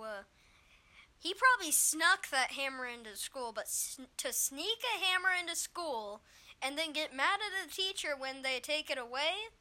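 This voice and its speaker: A young woman telling a storytime vlog about bullies at school, rambling and exasperated with lots of fillers, slightly hoarse after being sick. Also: high voice, pushed and bright. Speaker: vlogger.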